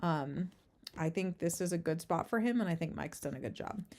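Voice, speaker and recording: A woman's voice: fairly low pitch, moderate pace, a little mellow. A woman hosting a casual livestream race preview, chatting with her viewers between horse introductions, speaking without her usual headset. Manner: chatty, talks to chat, asides and laughs. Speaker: race caller and host. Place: relative's house, indoors. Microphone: no headset, makeshift setup.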